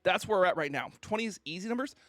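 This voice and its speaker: A man's voice: high-pitched, expressive, very fast, a bit bright, dry recording, studio quality. A man streamer ranting on a casual livestream, mock-indignant and theatrical, who keeps asking "okay?".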